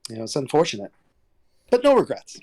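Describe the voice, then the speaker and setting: A man telling stories as an interview guest about his work developing products, rambling and animated, restarting sentences and jumping in pitch when he quotes people. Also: fairly quick. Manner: rambling and animated, with many restarts and big pitch jumps when quoting others. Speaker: guest, former toy developer. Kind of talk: casual interview storytelling.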